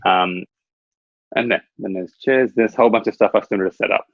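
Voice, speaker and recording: A man talks quickly and casually, rambling through anecdotes with a slightly husky, low voice. The sound is dry and a bit dull, like lo-fi video call audio. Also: no echo. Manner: rambling storyteller, laughs at his own anecdote. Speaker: guest. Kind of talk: casual chat.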